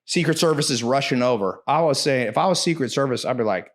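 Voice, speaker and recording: A man's voice: medium pitch, expressive, fast. Brash, profane man telling stories. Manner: brash, profane storytelling with bursts of emphasis. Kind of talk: casual podcast talk.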